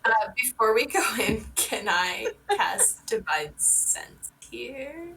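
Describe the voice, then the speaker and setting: A woman's voice: on the high side, big pitch swings, slow, fairly bright tone, recorded from a distance, poor audio. Woman, tabletop player, casual, amused, mic set back, faint background noise. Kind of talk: casual tabletop game chat.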